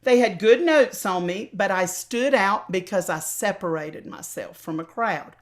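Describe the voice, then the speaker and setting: A woman's voice: mid-range voice, lively intonation, measured pace. An older woman with a Southern US accent, an opera singer and voice teacher, talking animatedly in a casual interview over a video call and acting out the voices she quotes.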